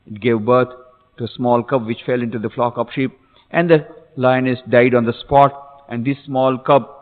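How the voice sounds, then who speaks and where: A man, a monk, delivering a sermon in an emphatic, repetitive style that rises to exhortation. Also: mid-range voice. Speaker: monk giving a discourse. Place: lecture hall. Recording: tinny, echoey lecture hall.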